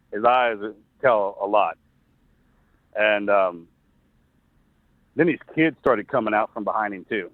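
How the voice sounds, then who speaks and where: A middle-aged former soldier tells his own story as an interview guest via a phone call, the line thin and tinny with a dry sound and no room noise. Earnest yet halting, he often begins sentences over, in a mid-range voice.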